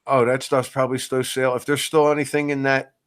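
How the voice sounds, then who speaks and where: A man's voice: mid-range voice, little pitch movement, fast, clean tone. A sleepy, laid-back man in casual online chat, laughing often. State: sleepy, yawning. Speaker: online show host.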